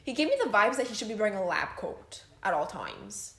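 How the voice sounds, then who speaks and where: Young woman, podcast co-host: lively, high-ish casual chatter, roomy echo. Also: brisk. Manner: animated, laughing, heavy use of "like". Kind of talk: casual chat.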